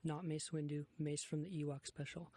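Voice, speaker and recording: Male listener, voicemail, even delivery, friendly and joking. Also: on the high side, normal speed, no room sound. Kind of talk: voicemail message.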